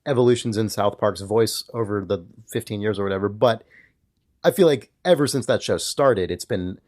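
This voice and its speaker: A man's voice: lowish voice, moderate pace, darkish tone. Thoughtful, hedging male podcast co-host. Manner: thoughtful, hedging, many filler likes. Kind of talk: casual podcast discussion.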